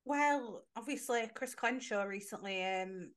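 A woman's voice: a little high, measured pace. A woman co-hosting a podcast, chatting about a soap opera and skeptically questioning the plot. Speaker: podcast co-host.

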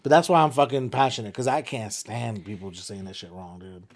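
A young man co-hosting a casual chat, animated and profane, ranting with mock voices. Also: on the low side, a little fast.

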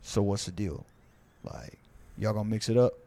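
A man voicing a calm, collected gas station worker who talks low and firm. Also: vocal fry. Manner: unhurried, low-key and commanding.

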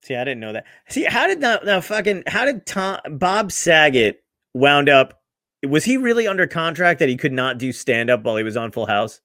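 A male host with a lively, swooping voice chats casually and laughs a lot. His sound is dry and close to the mic, and he swears easily in quick asides. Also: on the high side, no room sound. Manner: laughs often, quick affirmations, profane. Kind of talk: casual chat.

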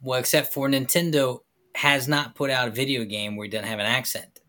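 Bright-voiced man arguing casually. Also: mid-range voice, fairly even intonation, brisk. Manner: emphatic, argumentative. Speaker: podcast co-host. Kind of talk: casual chat.

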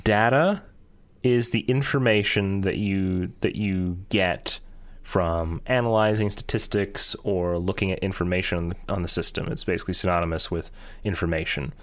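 A man with a somewhat low voice, chatting casually as a podcast co-host. He rambles, restarts and laughs easily while talking things through. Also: normal speed. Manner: relaxed, rambling, laughs often. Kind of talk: casual chat.

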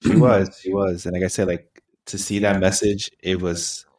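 Man in his thirties, very deep voice, rambling podcast storyteller, laughs a lot. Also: little pitch movement, moderate pace, a little mellow. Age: 30s. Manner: rambling, filler-heavy, laughs often. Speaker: podcast co-host.

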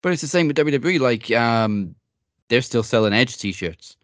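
A man's voice: mid-range voice, animated, normal speed, no room sound. A man co-hosting a wrestling podcast in casual chat, laid-back and joking. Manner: laid-back, joking, with frequent fillers and laughs. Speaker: podcast co-host.

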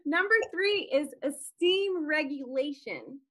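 A woman co-hosting a podcast, calmly explaining points from a list in a measured way. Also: high-pitched. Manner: measured, explanatory, soft agreement noises. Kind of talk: explaining a list in casual chat.

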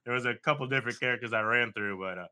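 A man's voice: medium pitch, racing, sharp tone, smooth. A man co-hosting a casual sports podcast, laid-back and slangy, rambling as he talks. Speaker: podcast co-host.

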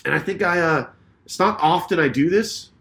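A man's voice: a little high, moderate pace, creaky, a little hiss or hum. A man co-hosting a podcast, retelling a road-rage story in casual chat, swearing freely and acting out the lines of the people in it. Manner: profane, animated retelling with acted quotes. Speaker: podcast co-host.

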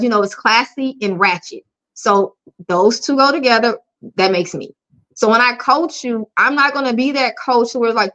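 A woman's voice: fairly high pitch, sharp tone. A woman life coach speaking frankly and openly in an interview. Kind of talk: candid conversational interview. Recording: dull lo-fi audio.

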